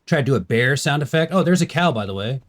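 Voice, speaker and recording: A young man streams a game, goofing around with casual, jokey commentary and trying out silly animal noises. His mid-range voice is animated and moves at a quick pace.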